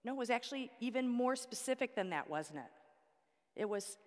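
A woman's voice: fairly high pitch, expressive, fairly quick. Lady teaching bible class, voice goes up and down a lot, big hall echo. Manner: explains with props and rhetorical questions. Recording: long hall reverb.

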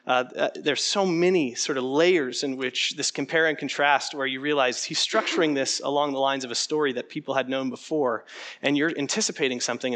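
A man leading an interactive teaching session, conversational and animated, often putting questions to the room. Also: on the high side. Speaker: preaching workshop instructor.

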